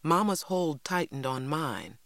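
A woman narrating an audiobook in a steady, measured storytelling voice on a close studio mic. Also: deep voice, no room sound. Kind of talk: scripted narration.

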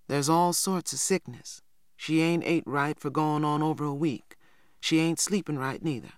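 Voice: mid-range voice, normal speed, clean tone, no echo, natural voice. A reader voicing an elderly, protective grandmother who speaks in a folksy rural dialect, recorded dry. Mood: worried. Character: old grandmother, worried and protective. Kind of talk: audiobook character voice.

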